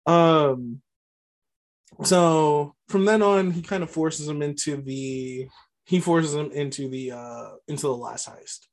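A man with a slightly high voice walks through a film plot in casual podcast chat. He rambles, stopping and restarting with plenty of ums and uhs. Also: slow. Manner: rambling, many fillers and restarts. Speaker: podcast co-host. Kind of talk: casual movie recap chat.

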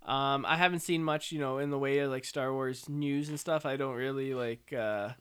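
A man's voice: mid-range voice, fairly even intonation, normal speed, a bit bright, clean tone. A laid-back man co-hosting a podcast, joking casually with the hosts. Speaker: podcast co-host. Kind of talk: casual chat.

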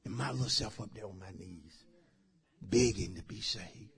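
A man's voice: fairly low pitch, expressive, normal speed, gravelly, slightly rough. A middle-aged man, a pastor preaching a sermon with personal testimony. He talks fervently and repeats himself, addressing the congregation directly.

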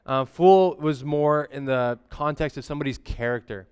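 A man's voice: on the high side, moderate pace, darkish tone, clean tone. A young adult man giving a casual, conversational sermon as a pastor, using slang and frequent "amen?" asides.

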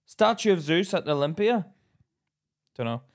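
A man's voice: on the high side, expressive, normal speed. A young British man co-hosting a podcast, casually trading guesses and hesitating over a list he reads out. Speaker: podcast co-host. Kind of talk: casual banter, reading a list.

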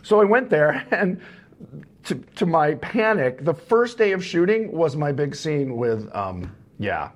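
A man's voice: a little high, animated, measured pace. A sleep-deprived man telling rambling anecdotes with frequent chuckles as a guest in a casual interview. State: tired, short on sleep.

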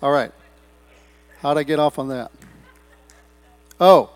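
A middle-aged man preaching a sermon in a church, breaking into loud swells and rambling asides. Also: on the high side, measured pace, pauses often. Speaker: pastor. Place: church sanctuary.

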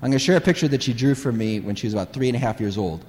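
A man preaching a sermon, telling animated family stories and laughing often. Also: mid-range voice, very fast, slight background noise. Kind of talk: sermon storytelling. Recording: reverberant hall.

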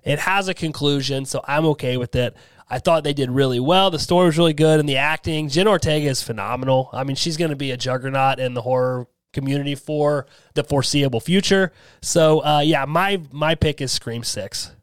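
Podcast host guy, kinda high voice, jokey and teasing, dry sound. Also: brisk, clear, resonant tone, no echo. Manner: joking, teasing asides. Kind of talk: casual podcast chat.

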